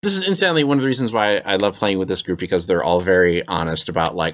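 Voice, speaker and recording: A game master narrating a tabletop game, animated and acting out sound effects. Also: low voice, rapid-fire.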